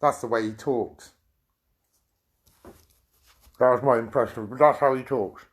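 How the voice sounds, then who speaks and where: A middle-aged man from the UK, ranting angrily to his viewers and rambling and swearing as he tells his story. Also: mid-range voice. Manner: agitated, rambling, swearing, quick asides to viewers. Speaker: YouTube streamer. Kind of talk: angry monologue to viewers.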